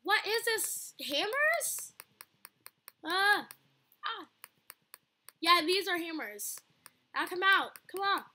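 High bright screaming young woman gamer. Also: slow, long pauses. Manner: screams often, excitable, talks to viewers. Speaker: gaming video host. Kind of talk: casual game commentary.

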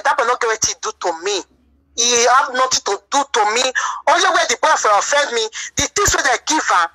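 A Nigerian woman tells her side of a marriage dispute in a rambling, defensive way and repeats her points. Her voice is bright and sharp and sits a little high. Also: poor audio. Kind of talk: emotional personal account.

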